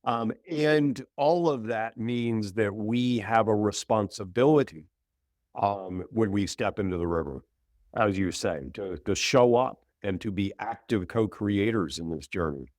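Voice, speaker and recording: A middle-aged man, a minister guest on an interview show, telling a story thoughtfully with frequent pauses and ums. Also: on the low side, darkish tone, dry recording, studio quality. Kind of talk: conversational interview.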